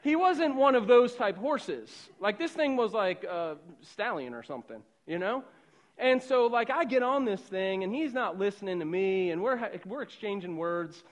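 In his sermon, a middle-aged suburban Boston man relates a story in an easygoing, chatty way at a normal speed. His high voice carries lively intonation and swings from hushed to loud.

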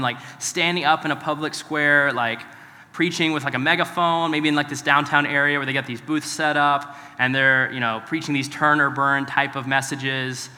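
A man's voice: a little high, sharp tone. A male pastor preaching a sermon in a conversational way, often asking the congregation questions. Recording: long hall reverb.

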